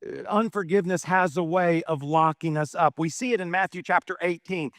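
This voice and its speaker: Male pastor preaching, high voice, dry close sound, animated, rhetorical questions. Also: fairly quick, dry recording. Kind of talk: sermon.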